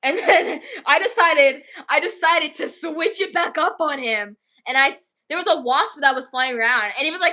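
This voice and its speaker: A woman's voice: high-pitched, brisk, few pauses, bright, forceful tone. A young female vlogger casually telling a long story, rambling with many "I was like" asides.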